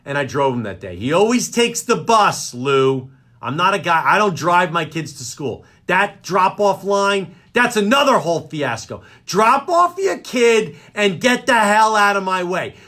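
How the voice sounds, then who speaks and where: Animated high-voiced ranting radio host. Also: male voice, a little slow. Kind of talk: comedic rant. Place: radio studio.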